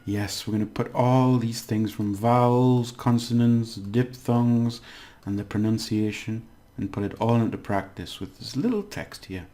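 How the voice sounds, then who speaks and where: A man giving a casual language lesson, explaining slowly and repeating words, with many fillers. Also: on the low side, steady tone, dark tone. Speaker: language teacher.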